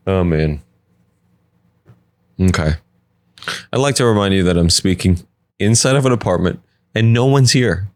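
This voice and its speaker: A man hosting a solo comedy podcast from his apartment, rambling from joke to joke with quick asides. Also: low voice, dry recording. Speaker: podcast host.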